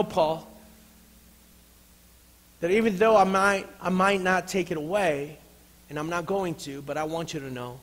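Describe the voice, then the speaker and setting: A man voicing a gentle but firm fatherly divine figure who speaks softly and reassuringly. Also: high-pitched, in a large hall. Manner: soft, slow and reassuring.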